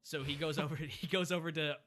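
A man's voice: fairly high pitch, fast talker, a little hiss or hum. A man co-hosting a casual chat, recapping a movie scene by scene and acting out character lines. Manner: animated retelling, acts out character lines. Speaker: podcast co-host.

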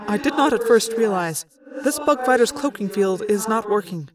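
A woman's voice: mid-range voice, animated, normal speed, crowd noise, lightly acted. A woman voicing a formal, polite male alien cadet pilot who speaks stiffly and tersely.

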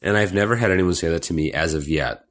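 A man chatting casually as a co-host, playful and quick with mock-outraged reactions. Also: deep voice, fairly bright tone. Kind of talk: casual chat.

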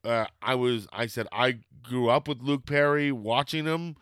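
A Canadian man spins a meandering tale in relaxed conversation, turning loud and cursing whenever he plays out the back-and-forth. His mid-range voice is smooth and clear, delivered at a measured pace, and the recording sounds close and dry.

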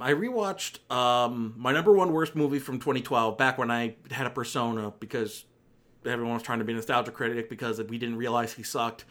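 A male film reviewer with a bright, forward tone, counting down bad movies in a loose, rambling way. He stays dry and sardonic, then jumps into exasperated squeaky outbursts. His pitch sits around the middle for a man. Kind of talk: casual countdown commentary.

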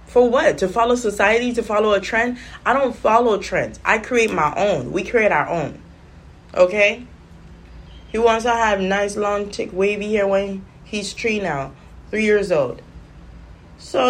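A young woman, telling stories in a sassy, animated casual rant, coughing now and then. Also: mid-range voice. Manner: animated, sassy storytelling with patois slips. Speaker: vlogger. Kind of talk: casual smoking-session rant.

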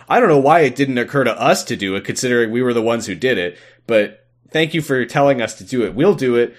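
A man's voice: mid-range voice, animated, fairly quick. A man co-hosting a podcast, casually recapping an episode and acting out the characters' lines. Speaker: podcast co-host.

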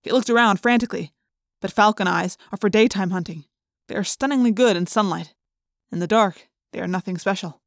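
A woman narrating an audiobook in the first person, measured and suspenseful in a mid-pitched voice. The recording is dry and close to the mic, with no room around her. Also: no echo.

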